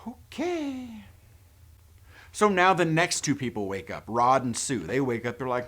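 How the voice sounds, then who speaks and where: A man's voice: mid-range voice, very animated, measured pace, a bit bright. A man casually retelling a horror movie's plot as a reviewer, with sarcastic, incredulous asides. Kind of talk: casual plot recap and commentary.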